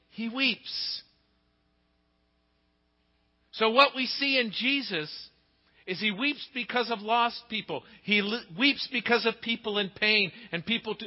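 Man preaching in an echoing hall. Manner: expressive storytelling, pitch and volume swing widely. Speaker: pastor. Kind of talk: sermon. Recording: dull sound with long hall reverb.

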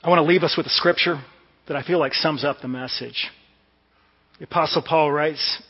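A man's voice: on the high side, fairly even intonation, normal speed. A man from the Washington DC area preaching a sermon in a conversational, storytelling way. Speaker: pastor. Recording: dull sound with long hall reverb.

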